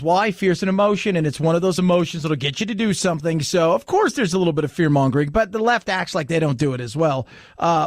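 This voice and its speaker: A man's voice: a little high, no room sound, clean studio sound. An American man hosting a talk radio show, telling a rambling story with many restarts. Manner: chatty storyteller, lots of restarts and "he goes".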